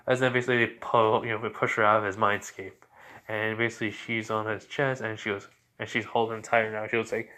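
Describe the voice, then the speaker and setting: A man's voice: on the low side, flat delivery, fast, pushed and bright. Rambling young man telling a fan story. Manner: rambling, full of fillers like "well" and "basically". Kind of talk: casual improvised story narration.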